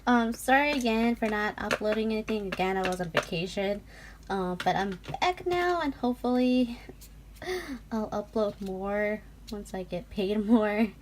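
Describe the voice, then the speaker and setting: A young woman vlogger chatting casually through an unboxing, gushing and giggling, often dropping to a soft whisper. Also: medium pitch, lively intonation, unhurried, a little hiss or hum.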